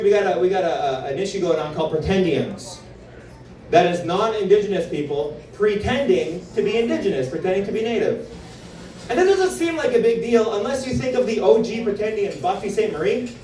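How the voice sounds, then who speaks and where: A little hiss or hum sits under this young Canadian man's high voice during his stand-up set. Recorded from afar in a roomy club, he tells lively stories and performs the people in them.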